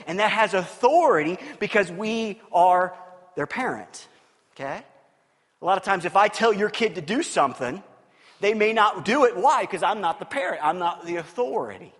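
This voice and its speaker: Man, pastor, high voice, informal Bible teaching, repeats words, long hall reverb. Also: animated, moderate pace, a bit bright. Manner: informal, restarts and repeats words, checks in with "okay?". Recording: long reverb from a large room.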